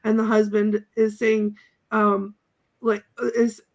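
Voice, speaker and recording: A woman's voice: medium pitch, level tone, takes it slowly, a little mellow. A woman co-hosting a podcast, laughing as she gives a giggly, breathless recap of a film. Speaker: podcast co-host. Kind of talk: casual chat.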